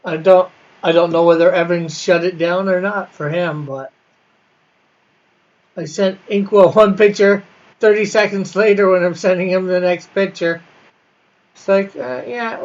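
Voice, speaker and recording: A man streaming his digital comic coloring, chatting casually with viewers in a halting way, often restarting and correcting himself. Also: high-pitched, lo-fi sound. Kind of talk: casual livestream chat with viewers.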